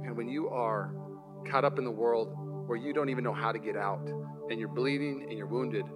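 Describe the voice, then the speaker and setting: A male pastor preaching a live sermon in a church, telling a personal story in an animated way and acting out the scenes. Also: medium pitch, moderate pace, loud music behind the voice. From Washington state, US. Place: church sanctuary, live service.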